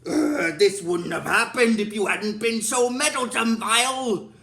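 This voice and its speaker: A domineering villain emperor gloats in slow, drawn-out words, as a man puts him on. He sounds bossy and smug, as if he owns the room. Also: sits high, vocal fry, sharp tone, reverberant, heavily acted. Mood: gloating.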